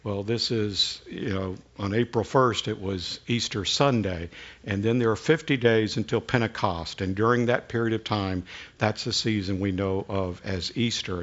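A man pastor giving an unhurried, folksy sermon with prayer and jokes, often repeating words as he starts a sentence. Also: on the low side, a bit bright, muffled recording. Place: church sanctuary.

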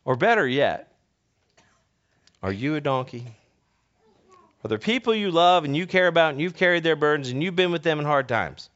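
A man's voice: on the high side, lively intonation, moderate pace, long pauses, a bit bright. Preacher man in a muffled recording. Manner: storytelling, rhetorical questions, frequent restarts. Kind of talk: conversational sermon. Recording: dull lo-fi recording.

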